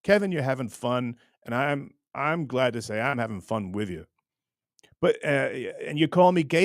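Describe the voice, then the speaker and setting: A man's voice: mid-range voice, expressive, moderate pace, no room sound, studio quality. A man hosting his own online show, ranting casually to camera in a rambling, teasing way with many restarts. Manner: rambling, repeats words and restarts often, teasing.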